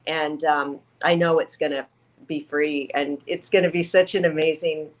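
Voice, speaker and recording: A woman speaking as an interview guest, her voice sitting a little low. She tells her story with feeling, slipping into the voices of people she quotes, and sounds near tears. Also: fairly even intonation, moderate pace. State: tearful. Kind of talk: conversational interview.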